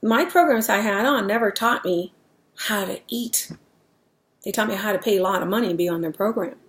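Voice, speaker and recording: Rambling candid middle-aged woman vlogger. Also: mid-range voice. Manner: rambling, candid, self-interrupting. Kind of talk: casual vlog talk.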